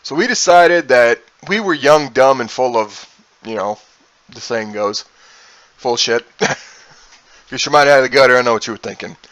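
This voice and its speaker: A man's voice: mid-range voice, moderate pace, long pauses, poor audio. A man in his twenties, a streamer, telling crude stories casually and with lots of swearing, often laughing at himself. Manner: animated, profane, laughing at his own tale. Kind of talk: casual storytelling.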